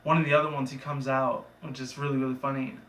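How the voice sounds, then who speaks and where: A man's voice: mid-range voice, level tone, fast talker, fairly bright tone, distant mic. A man casually recapping a cartoon episode in a rambling, loose way, with profane asides. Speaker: reviewer. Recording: echoey room, away from the mic.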